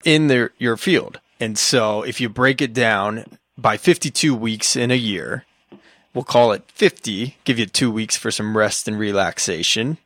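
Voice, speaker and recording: A man's voice: lowish voice, measured pace, a bit bright, dry recording. A man co-hosting a podcast, explaining things step by step with dry humor. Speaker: podcast co-host. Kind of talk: casual banter.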